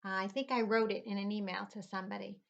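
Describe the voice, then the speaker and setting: A woman's voice: mid-range voice, steady tone, quick pace, creaky. A middle-aged woman teaching a phonics lesson to young children, patiently spelling words out letter by letter. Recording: dull lo-fi recording.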